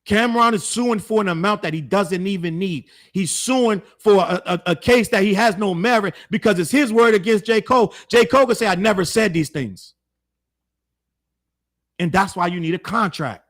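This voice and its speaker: A man hosts his own commentary show, talking straight to his audience in a blunt, heated way. His voice sits high for a man. He leans on slang and keeps hammering the same point home. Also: moderate pace, fairly bright tone. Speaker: show host. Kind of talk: opinionated commentary to camera.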